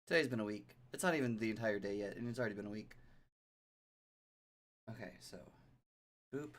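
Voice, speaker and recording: A game streamer chatting live in an animated, self-deprecating way, sometimes reading game text aloud in a vague pirate accent. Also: mid-range voice, fast talker.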